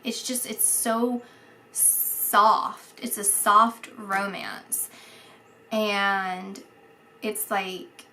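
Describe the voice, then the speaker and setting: A woman giving a casual psychic reading, halting and searching for words, dropping to a whisper at times. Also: medium pitch, steady tone, slight background noise. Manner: soft, dreamy, drops to a whisper at times. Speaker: psychic reader.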